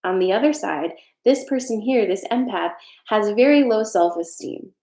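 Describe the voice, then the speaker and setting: A woman's voice: medium pitch, animated, normal speed, darkish tone, echoey room. A woman doing a casual tarot reading on a live stream, earnest and reassuring, with some frank swearing. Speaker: tarot reader.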